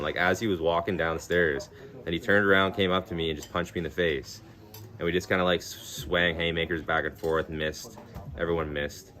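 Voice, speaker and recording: A man's voice: sits low, steady tone, fairly quick, sharp tone. A man live-streaming, chatting casually with viewers in a rambling, laid-back way, swearing freely and laughing through his stories. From Canada. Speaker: livestreamer.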